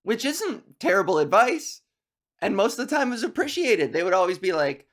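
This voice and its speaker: A man's voice: sits high, sing-song, normal speed, fairly bright tone. A young Canadian man, a comedian, rambling through self-mocking stories and laughing at his own jokes. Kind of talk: rambling stand-up storytelling.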